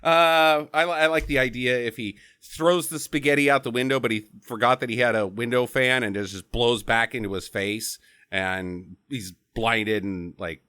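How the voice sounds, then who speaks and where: A man's voice: medium pitch, normal speed, clean tone. A man hosting a podcast, giving a casual, comedic movie recap with swearing and acted-out lines. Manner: animated, swears, acts out characters' lines. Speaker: podcast host.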